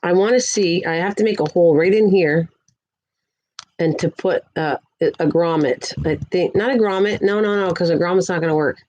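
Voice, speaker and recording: A woman's voice: fairly low pitch, moderate pace, a little mellow, muffled recording. An older woman hosting a crafting livestream, chatting in a rambling way and talking to viewers in the chat. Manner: sweet greetings to viewers in a lifted voice.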